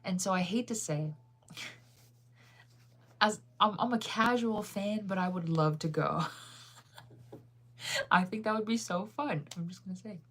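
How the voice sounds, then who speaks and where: A woman's voice: medium pitch, unhurried, pauses often, fairly bright tone. A young woman chatting casually on a livestream, laughing often and reading viewer comments aloud.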